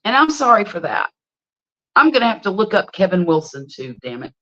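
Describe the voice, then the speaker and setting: A middle-aged woman, hosting a casual livestream and chatting with viewers as an animated storyteller. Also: medium pitch, fairly quick. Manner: animated storyteller, exclaims freely. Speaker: livestream host. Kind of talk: casual livestream chat, reading viewer comments. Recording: slightly dull lo-fi stream audio.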